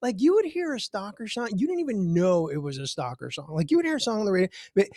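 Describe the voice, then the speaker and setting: A man doing a stand-up comedy set from home over a video call, animated, jumping up in pitch for the voices he quotes. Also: fast talker, hardly any pauses, no echo, clean studio sound. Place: home, virtual show.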